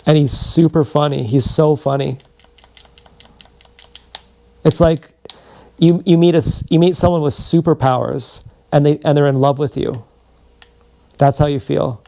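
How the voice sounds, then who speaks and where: A man livestreams a long, wandering personal story. His voice is mellow and low in brightness, with a steady gravelly fry. He swears freely and keeps backing up to restart his sentences. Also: measured pace, pauses often. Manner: meandering, profane, frequent restarts. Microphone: streaming from a body camera.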